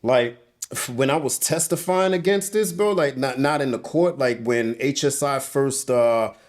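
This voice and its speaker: A man's voice: mid-range voice, unhurried. Young male interview guest, heated and profane, storytelling with lots of "bro". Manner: agitated, profane, repeats "bro". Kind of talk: emotional storytelling. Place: indoors on a couch.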